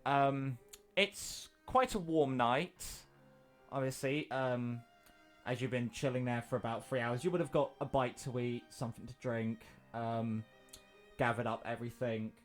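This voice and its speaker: A man narrating a tabletop game as game master, relaxed and rambling with many pauses. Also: mid-range voice, soft background music.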